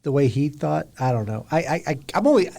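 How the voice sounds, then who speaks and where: Easygoing, halting man, slightly higher voice. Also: sing-song, creaky, warm tone. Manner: hesitant, halting, repeats words, easygoing. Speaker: podcast co-host. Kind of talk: casual book discussion.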